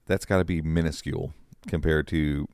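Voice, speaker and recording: Very deep-voiced man on a podcast. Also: moderate pace, smooth, no echo, studio quality. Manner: rambling, animated, full of restarts. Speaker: podcast co-host. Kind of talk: casual tech podcast chat.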